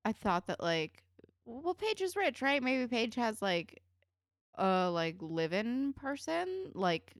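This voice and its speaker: A woman's voice: fairly high pitch, big pitch swings, slow, no echo, clean studio sound. A woman co-hosting a casual TV recap podcast, talking bluntly and swearing freely in exasperated rants. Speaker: podcast co-host.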